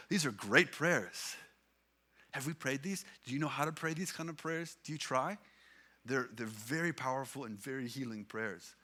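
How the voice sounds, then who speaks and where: A male pastor with a Canadian English accent delivers a sermon in a bright, forceful voice. He speaks earnestly and gives weight to the scripture he quotes. His pitch sits in a middle register for a man. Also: moderate pace. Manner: earnest preaching, reads psalms aloud with emphasis.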